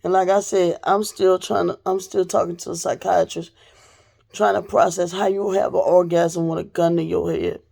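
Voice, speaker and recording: A woman vlogger telling a personal story straight to the camera, blunt and profane, her voice dropping low and then rising loud. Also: flat delivery, normal speed, creaky.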